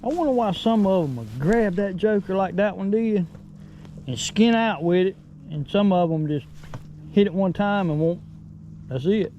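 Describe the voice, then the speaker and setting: Whooping, excitable fisherman. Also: high-pitched, normal speed, highs cut off, slight background noise. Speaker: fishing vlogger. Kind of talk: excited fishing commentary. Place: on a boat outdoors on water.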